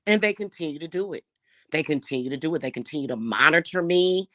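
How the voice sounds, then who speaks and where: A middle-aged woman with a notably low, deep voice, recorded close and dry with no room sound. She vents straight to camera in a heated, profane rant. She repeats herself and trips over restarts as she goes. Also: expressive, fast, fairly bright tone, no room sound. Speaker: spiritual reader and spellwork vlogger. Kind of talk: unscripted angry rant to camera.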